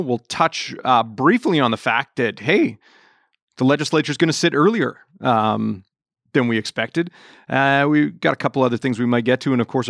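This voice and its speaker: A man sitting in as host of a politics podcast, talking in a loose, joking way with lots of ums and uhs. His voice sits at an ordinary pitch for a man. The sound is close and dry. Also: gravelly, a bit bright, no echo. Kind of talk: casual politics podcast chat.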